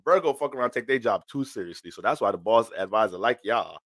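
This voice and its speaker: A man's voice: fairly low pitch, expressive, quick pace, a bit bright, no echo. Slangy, rambling male astrologer. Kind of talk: casual astrology reading.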